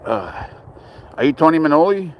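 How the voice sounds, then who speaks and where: A man's voice: on the high side, moderate pace, dull audio, slight background noise. A young man chatting casually on a phone livestream, rambling and crude as he answers viewer comments and talks to his cat outdoors.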